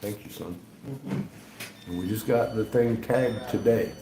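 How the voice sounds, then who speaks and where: A man's voice: fairly low pitch, unhurried, crowd noise. A man, chatting casually on a livestream, rambling and chuckling often. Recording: echoey room, faint background noise.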